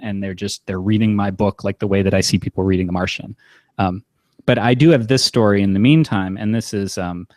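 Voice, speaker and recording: A man chatting on a podcast in an enthusiastic, teasing way, with quick quips. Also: on the low side, no echo, clean studio sound. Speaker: podcast co-host or guest. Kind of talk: casual chat.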